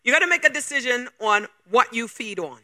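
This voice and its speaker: Guy preaching, really high sharp voice, hammering the crowd w questions. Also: lively intonation. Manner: emphatic, fires rapid rhetorical questions. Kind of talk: sermon.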